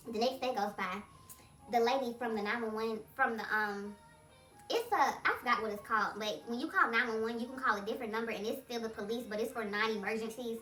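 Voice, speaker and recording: Bright-voiced woman in an echoey room. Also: fairly high pitch. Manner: animated, talks straight to viewers as "y'all"; acts out the voices of people in her story. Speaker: vlogger telling a personal story. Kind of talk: casual storytime monologue. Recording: roomy sound from a distance, faint music behind.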